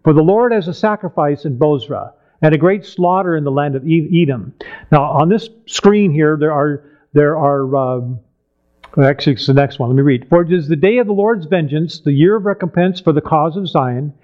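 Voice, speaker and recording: A man's voice: a little high, moderate pace. Man teaching a Bible sermon, muffled. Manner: reads scripture aloud and explains it with questions. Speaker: preacher.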